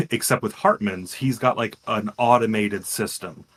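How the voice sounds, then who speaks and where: A young man co-hosting a podcast, retelling a story in a rambling, animated way with frequent restarts. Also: fairly low pitch, a little slow, breathy edge. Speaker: podcast co-host. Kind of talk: casual chat, retelling a game.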